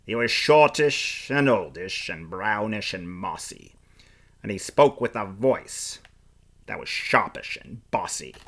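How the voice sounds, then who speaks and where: Slow, lively male storyteller. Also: fairly low pitch. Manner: playful, expressive, rhyming delivery. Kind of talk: performed storybook reading in first person.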